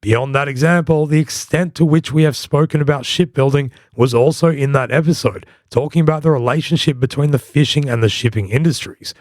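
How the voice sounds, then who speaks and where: A man's voice: fairly high pitch, brisk, few pauses, a little mellow, dry recording, clean studio sound. A man hosting a history podcast, giving scripted narration in a wry, playful storytelling manner.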